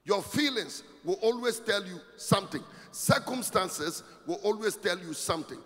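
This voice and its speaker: A pastor preaching a sermon, emphatic and rising to shouts with a sing-song cadence. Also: male voice, sits high, expressive, normal speed. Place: church. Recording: long hall reverb, faint music.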